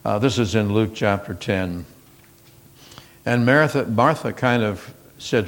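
A man's voice: on the low side, slow. A man preaching a sermon, retelling scripture stories earnestly, with frequent fillers and restarts.

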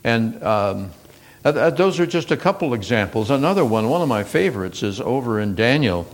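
A man's voice: medium pitch, sing-song, moderate pace. A man preaching a sermon, retelling scripture stories earnestly, with frequent fillers and restarts.

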